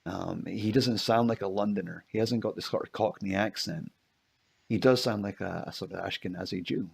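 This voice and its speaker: Male co-host, casual film chat, curious questioner, gravelly low voice. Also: normal speed. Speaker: podcast co-host.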